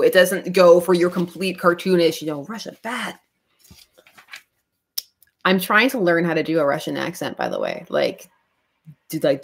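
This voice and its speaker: A woman hosting a casual comic book club livestream, talking in a rambling way with many restarts and laughs. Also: lowish voice. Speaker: comic book channel host.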